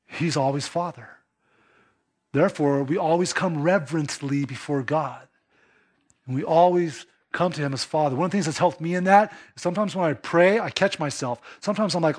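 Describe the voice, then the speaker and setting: Male preacher, high voice, animated delivery with hushed emphases. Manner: animated preaching, acts out little quoted voices, drops to a hush for emphasis. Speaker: pastor. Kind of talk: sermon.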